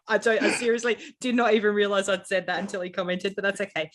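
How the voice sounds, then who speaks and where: A woman co-hosting a podcast in casual chat, reading out listener shout-outs and laughing between phrases. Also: mid-range voice, steady tone, quick pace. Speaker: podcast co-host.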